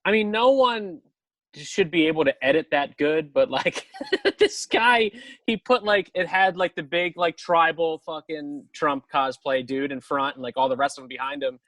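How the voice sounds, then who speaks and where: A man's voice: fairly high pitch, moderate pace, fairly bright tone, dry recording. A man co-hosting a casual podcast, talking loosely and swearing freely. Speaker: podcast co-host. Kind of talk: casual chat.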